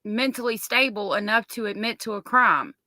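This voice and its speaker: A woman's voice: medium pitch, expressive, moderate pace, sharp tone, dry recording. A woman chatting casually on a stream, hesitant and restarting often as she searches for words. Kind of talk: casual chat.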